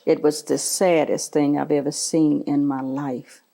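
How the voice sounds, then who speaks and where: A woman's voice: deep voice, little pitch movement, a little slow, gravelly, a crowd in the background. An older woman from the American South, being interviewed for an oral history, earnestly recalling past events and often affirming with short repeated replies.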